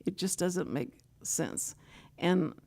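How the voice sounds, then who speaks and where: A woman's voice: lowish voice, takes it slowly, gravelly. Chatty older woman host. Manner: rambling, animated storytelling with asides. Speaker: talk show host. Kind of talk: casual chat.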